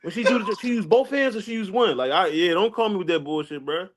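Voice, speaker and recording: Fast-talking brash man in banter. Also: high-pitched, animated, very noisy. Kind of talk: casual chat.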